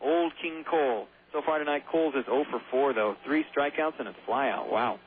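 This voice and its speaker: A hoarse man calling baseball play-by-play on the radio, chatty and rambling, with self-deprecating asides. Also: mid-range voice, moderate pace, a little hiss or hum. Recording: tinny phone-like radio broadcast.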